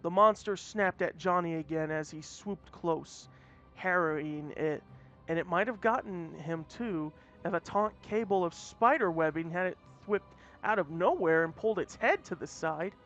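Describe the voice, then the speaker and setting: Reading a story in a plain, casual way, this man keeps backing up to restart phrases. His voice is a little high and fairly bright at a measured pace, heard through dull lo-fi audio over faint music.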